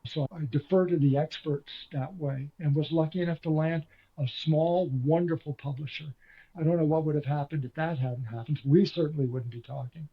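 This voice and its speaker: An older Canadian man, once a radio host and now an author, is a guest in a conversational interview, telling stories in a self-deprecating way. His fairly high, husky voice holds a steady tone at a fairly quick pace, and the audio is dull.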